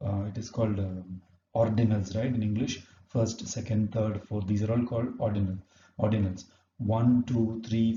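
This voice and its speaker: Male language teacher, rapid delivery, muffled roomy sound. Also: fairly low pitch, mellow, slight background noise. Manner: quick, explanatory, mixes in Kannada phrases. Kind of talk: explaining Kannada grammar in English.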